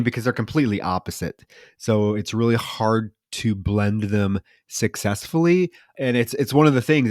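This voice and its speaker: Male podcast co-host, lowish voice, dry and measured, close dry sound. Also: no room sound. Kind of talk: casual chat.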